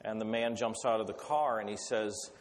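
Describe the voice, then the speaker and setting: A man's voice: on the low side, fairly even intonation, moderate pace. A man opening with a prayer and telling stories in an earnest, rambling way, stopping and starting often. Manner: earnest, rambling, with hesitant restarts. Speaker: guest speaker. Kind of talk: sermon with prayer and anecdotes. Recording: echoey hall, faint background noise.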